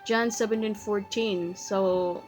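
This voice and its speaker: Slow, earnest woman sharing her faith. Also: mid-range voice, steady tone, faint music behind, poor audio. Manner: earnest, repeats phrases, recites verses with emphasis. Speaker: vlogger sharing a faith testimony. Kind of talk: casual spoken testimony.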